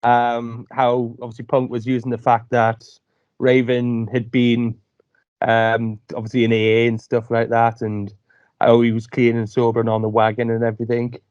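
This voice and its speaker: A man's voice: medium pitch, completely flat delivery, moderate pace, a little mellow, smooth, no room sound. A man co-hosting a casual podcast, easygoing and laughing along. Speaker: podcast co-host. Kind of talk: casual chat. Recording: dry, slightly dull remote call audio.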